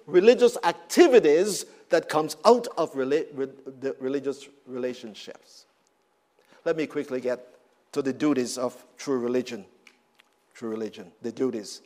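A man's voice: fairly high pitch, darkish tone. A man preaching a sermon, repeating words and rising in emphatic bursts.

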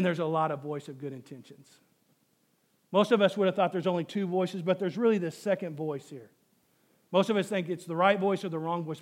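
A man's voice: high-pitched, darkish tone. A man preaching a sermon as pastor, emphatic and repetitive, asking the congregation rhetorical questions.

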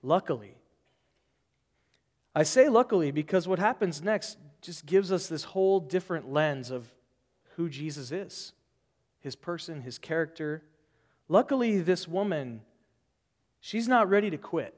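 A male pastor preaching a sermon in an animated way, acting out the voices of people in the story. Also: fairly high pitch, unhurried, long pauses, in a large hall.

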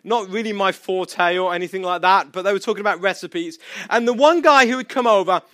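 High-voiced bright preacher from England. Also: male voice, a little fast, no echo, clean studio sound. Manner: conversational, storytelling with emphatic repetition. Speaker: pastor. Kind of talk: sermon.

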